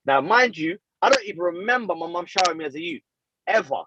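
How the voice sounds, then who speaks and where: A man, co-hosting a casual chat and telling a story with lively, self-mocking slang. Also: high voice, fast, highs cut off, background noise. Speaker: podcast co-host.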